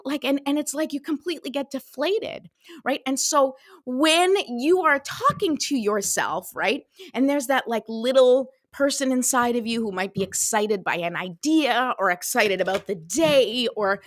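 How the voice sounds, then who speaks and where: A woman in her thirties hosting a casual motivational talk, chatty and animated, full of fillers, acting out little voices as she goes. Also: fairly high pitch, normal speed, dry recording, clean studio sound. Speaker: host.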